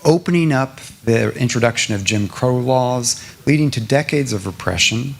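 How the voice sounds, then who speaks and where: A man's voice: mid-range voice, lively intonation, moderate pace, creaky. A middle-aged man from South Carolina answering a question at a public lecture, earnest and building to emphatic lists. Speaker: guest speaker at a public lecture.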